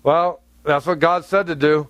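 A man's voice: fairly high pitch, steady tone, a little slow, fairly bright tone, no echo, voice pushed down. A man voicing Abraham as an old patriarch who answers in hesitant, stammering replies. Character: Abraham, an old patriarch, bewildered but obedient.

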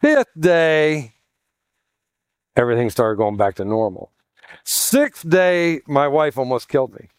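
A man preaching a sermon and telling a humorous story about himself in a conversational, self-deprecating way, putting on lively voices for the people he quotes. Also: fairly high pitch, slow pace, pauses often, clean tone, no room sound, clean studio sound. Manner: animated voicing of quoted people. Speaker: pastor.

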